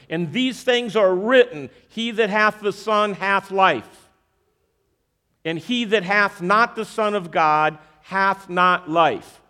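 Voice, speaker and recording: An animated preacher with a high voice works a magic trick into his sermon as an object lesson, speaking slowly. He frequently questions the audience and repeats verses for emphasis.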